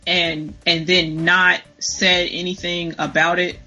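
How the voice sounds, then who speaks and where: A woman's voice: on the low side, fairly even intonation, slow, hardly any pauses, sharp tone, faint music behind. A woman co-hosting a podcast, asking a curious question in casual chat. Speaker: podcast co-host. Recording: dull lo-fi recording.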